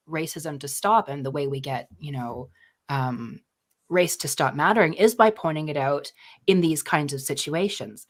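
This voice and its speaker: A woman co-hosting a podcast in casual chat, explaining her views earnestly. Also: deep voice. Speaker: podcast co-host.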